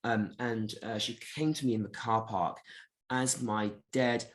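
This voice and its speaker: A man's voice: lowish voice, fairly even intonation, a little slow. A man in a casual interview chat about his robot combat team, rambling through a story with plenty of fillers and restarts.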